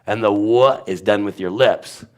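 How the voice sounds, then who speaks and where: Man, lowish voice, guest teacher, breaks words into sounds and repeats them. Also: measured pace. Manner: drills sounds aloud, repeating syllables. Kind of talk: animated teaching chat.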